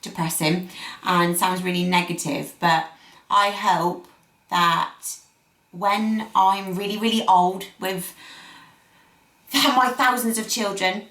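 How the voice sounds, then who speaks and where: A woman's voice: mid-range voice, fairly even intonation, slow, pauses often, a bit bright. A young woman vlogger telling a personal story to camera, gushing and repeating words for emphasis. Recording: echoey room.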